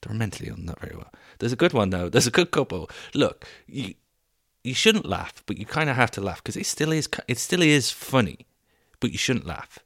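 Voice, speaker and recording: A young man hosting a podcast, telling stories in a casual, animated, comedic way, swearing and laughing as he goes. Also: medium pitch, a little fast, no room sound, clean studio sound. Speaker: podcast host.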